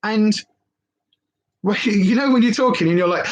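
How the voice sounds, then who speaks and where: A woman's voice: medium pitch, fairly quick, long pauses. A woman vlogger rambling candidly in a casual live-stream chat.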